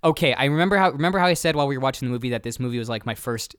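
A young man rattles through his thoughts at speed, lively and profane in casual movie chat. The sound is close and dry, with no room around it. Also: mid-range voice, clear, resonant tone, dry recording. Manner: fast, animated, swears casually. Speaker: podcast host.

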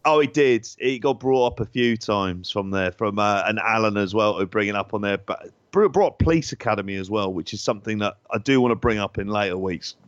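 Low-voiced London man, dry and muffled. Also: dry recording. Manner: jokey, rambling, quick asides. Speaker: podcast co-host. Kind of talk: casual chat.

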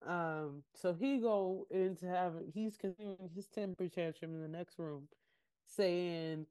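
A woman's voice: lowish voice, measured pace, smooth. A young adult woman co-hosting a podcast, recapping a show in casual chat and acting out quotes with laughter. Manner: animated, acts out quotes with laughter. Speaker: podcast co-host.

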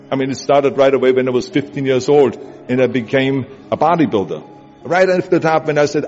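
A man's voice: medium pitch, animated, brisk, darkish tone. A man with a German accent giving an emphatic motivational speech, building his points through repetition. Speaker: motivational speaker. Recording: echoey hall, dull sound, music behind.

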